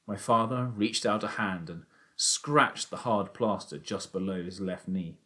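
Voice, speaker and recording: A man narrating an unabridged children's audiobook in a steady storytelling voice. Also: low voice, measured pace.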